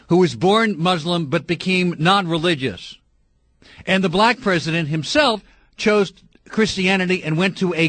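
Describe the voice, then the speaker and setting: A middle-aged man hosting a call-in radio talk show, talking fervently and breaking into shouting rants. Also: sits high, no room sound. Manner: impassioned, ranting, shouting at times.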